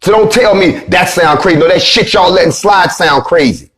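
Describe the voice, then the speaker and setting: A man delivers a charged monologue in a somewhat high voice. He swears freely and preaches, dropping from heated bursts into low, grave passages. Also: moderate pace. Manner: profane, preacherly, swings from loud to low and grave. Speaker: movement leader giving a speech. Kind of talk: fiery monologue.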